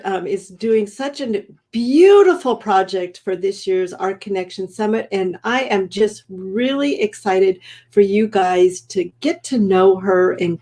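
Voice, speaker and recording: A woman's voice: mid-range voice, a little mellow. A woman co-hosting an online interview over a video call, gushing and enthusiastic, filling her speech with "like". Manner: gushing, lots of "like" fillers. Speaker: co-host. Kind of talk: casual interview chat.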